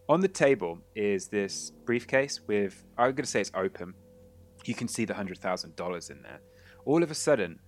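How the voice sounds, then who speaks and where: A man's voice: fairly low pitch, measured pace. A man narrating a tabletop role-playing game as game master, telling the scene with laughs. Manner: laughing, animated storytelling.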